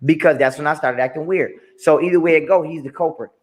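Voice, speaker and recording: A man with a somewhat raised pitch, ranting in a played clip. He talks emphatically, repeats himself and swears a lot. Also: quick pace. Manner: emphatic, repetitive, profane. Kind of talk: ranting monologue.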